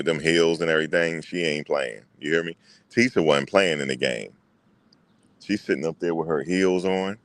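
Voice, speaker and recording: A deep-voiced man, chatting loosely on his livestream. He answers his viewers and plays back what people told him, and his voice sounds close and dry. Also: no room sound. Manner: animated, talks back to chat, mock-quotes others. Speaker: livestream host. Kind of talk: casual livestream chat.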